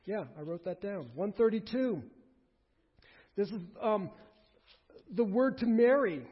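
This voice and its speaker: Preacher, male, husky and slightly high voice, earnest and exhorting, dull lo-fi recording. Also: lively intonation, a little slow, in a large hall. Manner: earnest, exhorting the congregation directly. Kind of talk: sermon.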